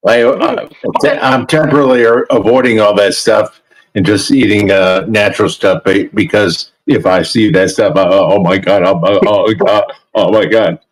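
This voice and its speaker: A man chatting on a video call, excitable and stammering, swearing a lot. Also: fairly low pitch, moderate pace, rough recording. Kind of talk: casual chat.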